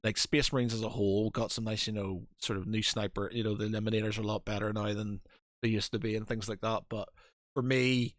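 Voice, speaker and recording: A man's voice: fairly low pitch, level tone, fast, dry recording, studio quality. A man co-hosting a podcast in casual chat, rambling with many fillers and restarts. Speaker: podcast co-host.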